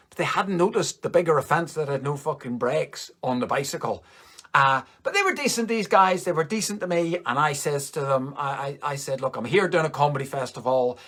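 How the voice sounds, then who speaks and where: A Northern Irish man tells a rambling comic story in a slightly higher-than-usual voice. He swears freely and leaps up in pitch on his punchlines. He is performing for an online comedy show. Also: fairly bright tone. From Northern Ireland. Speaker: stand-up comedian. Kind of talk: stand-up storytelling.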